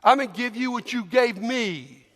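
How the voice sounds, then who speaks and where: A resentful laborer spits out bitter threats in a high, tense voice, acted by a preacher. The words echo through a big church hall with a long reverb. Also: male voice, normal speed, fairly bright tone. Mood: seething. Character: seething, resentful young male laborer.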